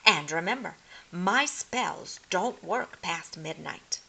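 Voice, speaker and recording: A woman voicing a brisk, emphatic fairy godmother witch in a storybook reading. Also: on the low side, expressive, vocal fry, sharp tone, breathy edge, heavily acted, rough recording. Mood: commanding.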